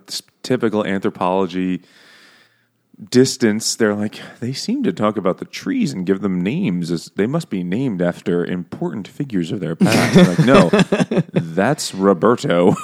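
A man casually retelling a novel's plot for laughs, crude and animated, often breaking into laughter and quick voiced quotes. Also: on the low side. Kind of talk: casual comedic book recap.

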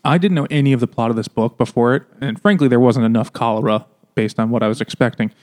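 On a book podcast, a male co-host chats casually and jokes around, rambling and dropping plenty of "like" fillers. His voice is medium-pitched and a little mellow, and he talks fast.

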